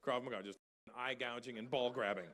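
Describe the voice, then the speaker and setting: His mid-range voice is brisk and a bit bright, with fairly even intonation. A middle-aged stand-up comedian from Canada, he tells stories, swears freely and chats with the crowd on stage at a large venue; the recording has slight background noise, live hall reverb and faint ambience.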